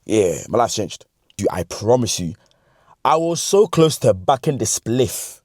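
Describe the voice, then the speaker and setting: Young man, 20s, London accent, comic storytime vlogger; low husky voice, lively swings, slangy delivery. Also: unhurried, no room sound, clean studio sound. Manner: animated, slangy, laughs between lines. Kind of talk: comedic storytime.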